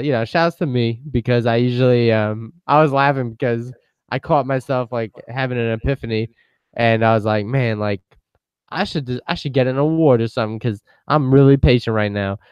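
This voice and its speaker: A man's voice: mid-range voice, moderate pace, clean tone, dry recording. A man co-hosting a podcast in casual chat, easygoing and slangy, laughing a lot. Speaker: podcast co-host.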